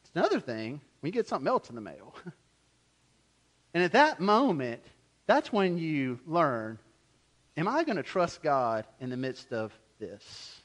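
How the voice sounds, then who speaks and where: A man with a high, bright-edged voice delivers a sermon to his congregation. He preaches with animation, swinging from loud emphatic lines to quieter reflective ones, and breaks into little acted-out voices of the people he quotes. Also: sing-song, unhurried. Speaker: pastor.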